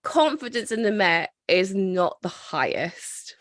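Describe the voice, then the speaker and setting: A woman hosting a casual film discussion, chatty and quick to act out scenes from the story. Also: medium pitch, very animated, no echo, studio quality. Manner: chatty, recounts scenes with quoted voices. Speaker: podcast host.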